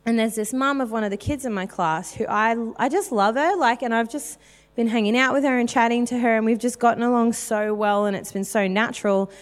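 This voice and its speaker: A woman in her thirties giving a candid, chatty personal testimony as a preacher, with lots of fillers. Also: medium pitch. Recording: long reverb of a hall.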